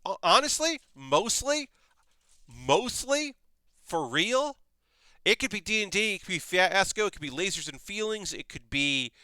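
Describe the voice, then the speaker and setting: A young adult man talking casually on a livestream, a bright and forceful voice with a crisp, smooth edge. He rambles with restarts and slips into quick acted-out lines. The sound is dry and close, with no room around him. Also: sits high, sing-song, no echo. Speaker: streamer. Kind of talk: casual chat while model building.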